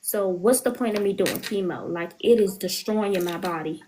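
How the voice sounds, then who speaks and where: A woman's voice: medium pitch, moderate pace, mellow, slight background noise, rough recording. A woman speaking candidly on a podcast, telling an emotional personal story and often quoting her own words. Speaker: guest. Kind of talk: podcast interview.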